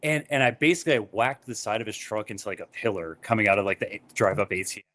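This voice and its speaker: A man's voice: on the low side, animated, fast talker, bright, forceful tone. A man appearing as a musician guest on a video call, chatting casually, laughing often and telling heartfelt stories.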